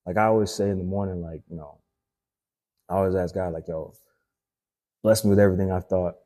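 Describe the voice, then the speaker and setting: Brief: deep, dark-toned man in his thirties, quick and animated, casual interview guest. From Haiti. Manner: animated, fillers like "like" and "you know". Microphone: phone live stream.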